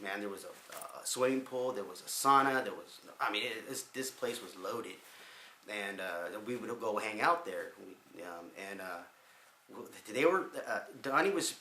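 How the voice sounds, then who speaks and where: A man's voice: fairly low pitch, bright, forceful tone, echoey room, slight background noise. A man in his thirties telling casual stories in a rambling way, with many restarts, as a vlogger. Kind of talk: casual storytelling.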